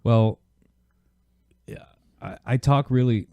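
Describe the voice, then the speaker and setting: A man hosting a podcast in casual chat, speaking softly and close to the microphone. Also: mid-range voice, slow, dry recording. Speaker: podcast host and radio presenter.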